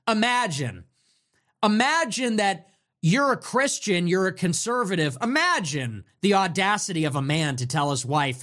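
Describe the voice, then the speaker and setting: High-pitched sarcastic male political ranter. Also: big pitch swings, measured pace, sharp tone. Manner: sarcastic, profane, mocking. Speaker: political commentator. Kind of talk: ranting political commentary.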